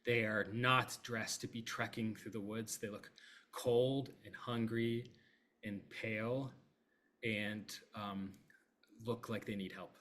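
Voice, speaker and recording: A man's voice: lowish voice, takes it slowly. A man narrating as game master of a tabletop game, easygoing with lots of ums. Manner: relaxed, filler-heavy narration. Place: streaming setup, live online.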